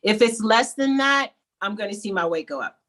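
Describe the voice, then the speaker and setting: A woman guest telling her own story in a candid, animated, conversational way. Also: mid-range voice, moderate pace. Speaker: program client and guest.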